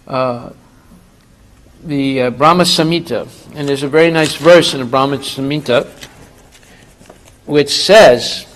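A middle-aged man giving a spiritual class in a lively storytelling manner. His voice sits a bit high for a man, and he acts out both sides of each conversation. He builds up to emphatic, scornful punchlines. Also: rough recording. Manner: storytelling, acts out dialogue, rising to emphatic outbursts. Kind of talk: sermon with humorous anecdotes.

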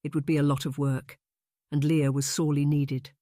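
A man narrating a historical romance audiobook in a measured, even storytelling manner. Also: on the high side, dry recording, clean studio sound. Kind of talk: scripted narration.

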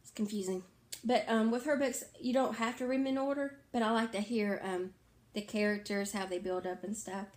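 A woman's voice: mid-range voice, fairly even intonation, moderate pace, darkish tone. A tired woman chatting casually about her reading to her viewers, rambling and correcting herself as she goes. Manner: rambling, self-correcting, filler-heavy. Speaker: book vlogger. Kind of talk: casual book chat to camera.

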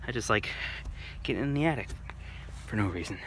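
A man's voice: fairly low pitch, lively intonation, a little fast, noisy background. A man hosting a family vlog at home, a father talking casually to the camera with joking, self-mocking asides.

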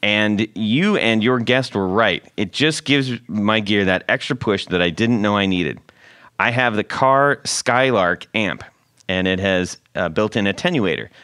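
A man's voice: lowish voice, measured pace, a bit bright, clear, resonant tone, dry recording, studio quality. A man hosting a casual guitar gear podcast, joking and rambling, laughing often. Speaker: podcast host.

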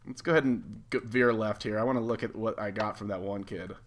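A man giving casual, excitable commentary over a video game as a YouTube gamer, laughing often and swearing lightly. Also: lowish voice, quick pace, slight background noise. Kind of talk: live gameplay commentary.

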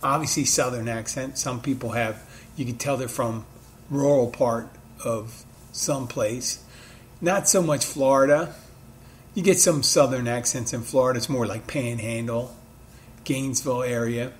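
A man's voice: mid-range voice, fairly even intonation, unhurried. Podcast host, male, mid-Atlantic accent with a Philly touch, rambling casual storyteller, light room hum behind. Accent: mid-Atlantic with a light Philadelphia touch. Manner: rambling, conversational, self-correcting asides.

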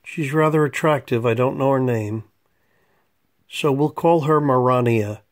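A man delivers sarcastic voice-over commentary over clips. His tone is mocking and condescending throughout, with a pitch sitting squarely in the ordinary middle range for a man. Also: unhurried. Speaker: narrator.

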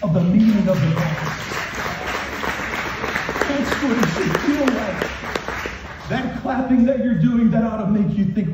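A high-voiced pastor preaches passionately with lively intonation at a slow pace, leaving long pauses. He calls out to the congregation in call-and-response, and crowd noise and background noise fill the church hall. The recording sounds echoey, distant and muffled.

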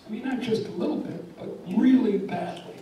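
A woman's voice: medium pitch, normal speed, mellow, slight background noise. An older woman giving a public lecture, wry and emphatic, telling stories and jokes. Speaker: guest lecturer. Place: lecture hall. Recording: echoey lecture hall from far off.

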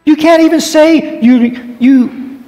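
A man putting on the voice of Jesus as a calm, knowing male teacher who firmly and gently rebukes. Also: very high voice, slow, long reverb tail, pitched above the performer's own voice. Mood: rebuking.

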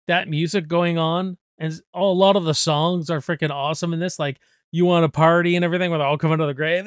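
A man's voice: fairly high pitch, clear, resonant tone, no echo, clean studio sound. A man in his forties hosting a casual movie discussion, talking enthusiastically and swearing freely. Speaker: movie review host.

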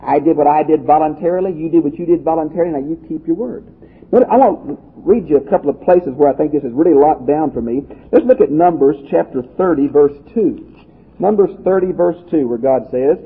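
A man's voice: on the high side, a little fast, breathy edge. Folksy male preacher on a tinny line. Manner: homespun, conversational, reads verses aloud then explains. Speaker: pastor and Bible teacher. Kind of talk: folksy Bible study lecture. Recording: tinny phone-like audio.

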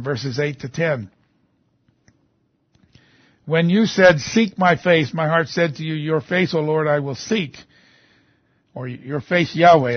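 A man's voice: on the high side, breathy edge, dry recording, dull audio. A man preaching a sermon, reading scripture aloud and rising into emphatic outbursts.

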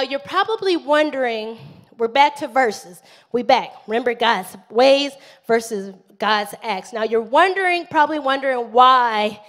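High-voiced woman pastor preaching. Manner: animated preaching, calls for amens, acts out prayers. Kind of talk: live sermon.

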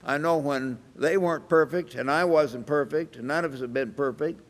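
A man's voice: fairly high pitch, normal speed. A man in his eighties preaching a sermon, telling folksy anecdotes with chuckles. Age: 80s. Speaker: church evangelist preaching. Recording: reverberant hall sound.

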